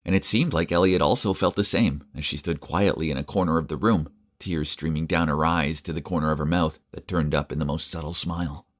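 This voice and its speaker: Young man, deep low voice, earnest scripted first-person narrator for an animated story. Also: brisk, hardly any pauses.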